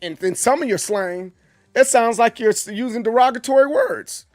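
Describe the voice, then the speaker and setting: Streamer, forties, drawl, higher-pitched, excitable and full of restarts. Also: male voice, moderate pace, no echo, clean studio sound, soft background music. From Southern US. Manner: animated, stumbling restarts, acts out quoted voices. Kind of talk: casual live-stream chat with chat.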